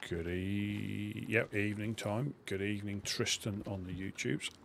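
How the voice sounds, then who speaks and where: Gravelly low-voiced Suffolk man. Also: steady tone, a little slow, fairly bright tone, slight background noise. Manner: chatty, muttering to himself while sorting gear. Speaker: game streamer. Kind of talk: casual live-stream commentary.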